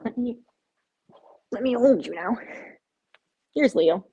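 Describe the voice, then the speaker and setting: Woman, live-stream host, husky voice, casual rambling chat, cooing at pets. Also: animated, slow pace, dark tone, muffled recording. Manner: chatty, rambling, often breaks off to coax her cats in a high cooing voice.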